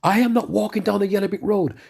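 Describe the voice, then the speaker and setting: A man's voice: high voice, quick pace, vocal fry, darkish tone, husky, voice pushed up, full character voice. A man voicing a chatty woman shop worker who repeats her words earnestly.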